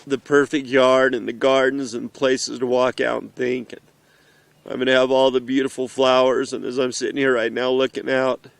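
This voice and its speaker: A middle-aged father, emotional and earnest, speaking haltingly outdoors in the mountains in a heartfelt message to his children. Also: medium pitch, little pitch movement, creaky. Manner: earnest, halting, with pauses and restarts.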